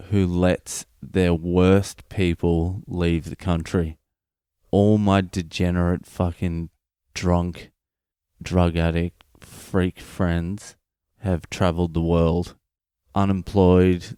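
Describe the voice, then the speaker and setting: A man's voice: low voice, dark tone, smooth, no echo, clean studio sound. An Australian man in his thirties, a comedian hosting his own podcast, delivering a profane, ranting comedic monologue.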